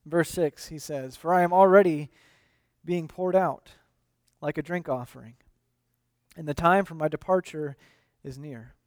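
A man preaching a sermon as a pastor, earnest and emphatic, letting his voice fall quiet and low at the ends of phrases. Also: no echo.

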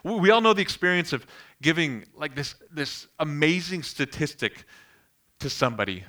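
A middle-aged male pastor delivers a sermon in a bright, fairly high voice. He talks earnestly, pressing hard on key phrases, and slips in homely stories from daily life. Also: lively intonation, normal speed. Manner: tells homely anecdotes in the sermon.

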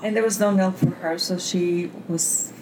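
A woman's voice: fairly low pitch, steady tone, moderate pace, darkish tone. Older woman, from Bulgaria, rambling family story, roomy sound, faint background hum. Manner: meandering, many fillers and restarts. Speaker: interviewee. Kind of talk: personal storytelling. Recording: roomy interview recording.

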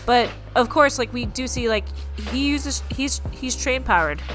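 Brief: excitable female co-host, higher voice, casual swearing, music clearly behind. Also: measured pace. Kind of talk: casual chat.

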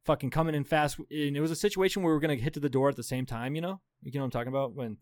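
A man's voice: on the high side, rapid-fire, no room sound, clean studio sound. A man around thirty, co-hosting a podcast, telling profane stories in casual chat with frequent laughs. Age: 30s. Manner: profane, animated storytelling with laughs. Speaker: podcast co-host.

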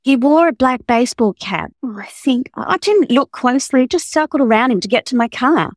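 A woman's voice: high voice, lively intonation, normal speed, no room sound, clean studio sound, voice pushed up. A woman reading aloud as a terrified young woman trapped in a car boot, stammering and breathless with panic. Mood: panicked.

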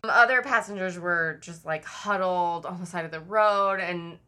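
A woman's voice: lowish voice, normal speed, bright, forceful tone. A woman casually telling a true crime story on a podcast, chatty, swearing often and saying "like" a lot.

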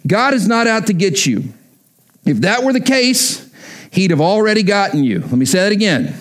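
Brief: male preacher, higher-pitched, emphatic sermon delivery with repetition. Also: big pitch swings, normal speed. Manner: emphatic, repeats key lines for effect. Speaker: pastor.

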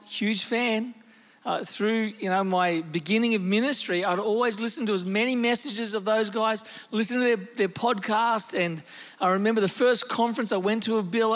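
A male pastor preaching a lively, animated sermon, with sudden shifts in pace and loudness as he tells a story. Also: sits high, long reverb tail.

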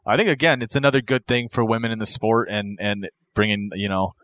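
A man hosting a casual wrestling podcast, rambling and animated, acting out quotes as he tells stories. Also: lowish voice, fairly quick. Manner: rambling, animated storyteller who acts out quotes. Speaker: podcast host.

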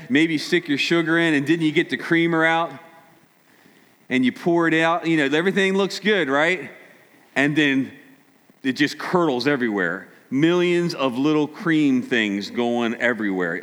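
A man delivers a casual sermon in a fairly high voice. He tells stories with a sarcastic edge and acts out what people said. The sound rings with a long hall reverb. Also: fairly bright tone. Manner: casual, sarcastic storytelling with acted quotes. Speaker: preacher.

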